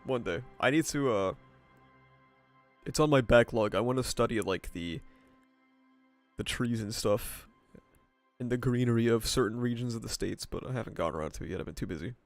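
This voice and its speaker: A man's voice: medium pitch, animated, normal speed, long pauses, dry recording. A man in his twenties with a stuffy nose, chatting casually with viewers on a livestream in a laid-back way, greeting chatters by name, laughing and swearing. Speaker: streamer. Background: video game soundtrack music.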